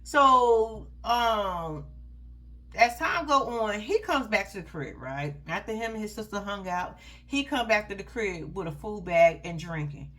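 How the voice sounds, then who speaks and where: A woman's voice: mid-range voice, expressive, unhurried, bright, forceful tone. A woman giving casual commentary on a reality show, blunt, heated and full of profanity, and talking straight to her viewers. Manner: addresses viewers directly as "y'all".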